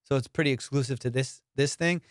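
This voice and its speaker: A man hosting his comedy podcast in casual chat, telling profane, animated stories and laughing often. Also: medium pitch, a little fast, no echo, clean studio sound.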